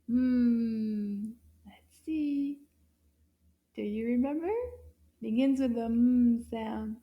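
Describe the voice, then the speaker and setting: A woman teaching young children words in a slow, gentle way. She often drops into soft whispers and gasps with surprise. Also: on the high side, highs cut off. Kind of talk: slow kids' lesson, words repeated.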